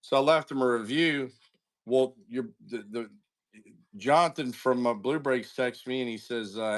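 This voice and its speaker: A man's voice: medium pitch, normal speed. A man hosting a sports card break livestream, chatting casually with viewers and telling a story in a loose, talkative way. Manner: chatty, greets viewers, tells stories with asides.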